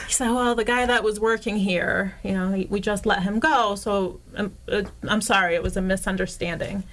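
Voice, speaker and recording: A woman guest in a radio studio recounts a story, full of "like" and quick asides. She acts out each exchange in a raised, excited voice, then drops back to easy chat. Her pitch sits right at the middle for a woman. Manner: self-described hothead, casual with many "like"s. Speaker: guest, local realtor.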